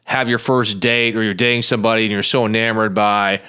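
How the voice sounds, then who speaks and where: A man's voice: on the low side, level tone, a little fast, bright, forceful tone, smooth. Folksy, emphatic male lawyer. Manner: plain-spoken and blunt. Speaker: lawyer and show host. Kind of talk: monologue podcast.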